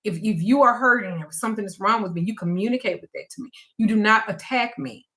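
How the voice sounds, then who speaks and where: A woman quoting her husband as a calm, firm man who speaks in a slow, stern and measured way. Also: mid-range voice, close to an everyday voice.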